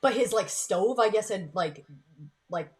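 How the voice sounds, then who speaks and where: A woman's voice: medium pitch, animated, unhurried, darkish tone. An American woman co-hosting a reaction show, asking puzzled questions and reacting in casual chat. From United States. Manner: asks puzzled questions, reacts with short interjections.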